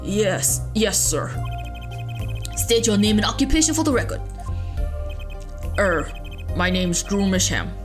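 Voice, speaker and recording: A woman voicing a calm male forger painter with a put-on accent, speaking slowly in a video game playthrough. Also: mid-range voice, soft background music.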